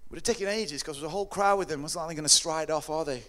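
Male preacher, slightly high voice, dramatic storyteller, loud-to-hushed swings. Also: very fast. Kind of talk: sermon. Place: hall or church with a microphone.

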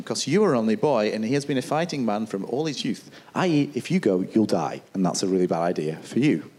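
A man preaching a sermon, retelling a Bible story with lively asides and putting on quick voices for the people in it. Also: medium pitch. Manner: acts out voices of soldiers and kings; chuckles and asides.

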